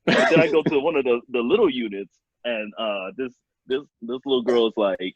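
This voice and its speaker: A man's voice: mid-range voice, moderate pace, dry recording. A young man, a former camp director, telling stories in casual chat and laughing often. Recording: dull lo-fi audio.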